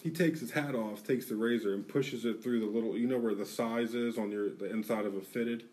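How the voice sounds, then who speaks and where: Male podcast co-host, animated profane storyteller, set back from the mic in a studio. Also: medium pitch, a little fast, far from the mic. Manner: animated, profane, acts out quotes. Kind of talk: casual storytelling.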